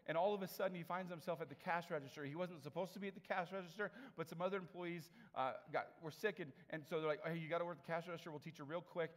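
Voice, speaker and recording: A man preaching a sermon in a chatty storytelling way, acting out the people in his stories. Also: on the high side. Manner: conversational storytelling with animated quoted voices. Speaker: pastor. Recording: long reverb of a large hall.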